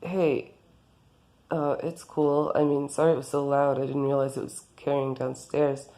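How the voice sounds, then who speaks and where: A laid-back young man, easygoing and friendly, as a woman quotes him in a story. His voice is low, soft and unhurried. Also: little pitch movement.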